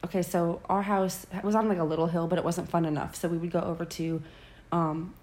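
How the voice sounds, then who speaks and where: A woman from Wisconsin co-hosting a casual chat, talking in a chatty way with lots of "like" and quick reactions. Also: fairly low pitch, little pitch movement. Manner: chatty, warm reactions, uses "like" often. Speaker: podcast co-host.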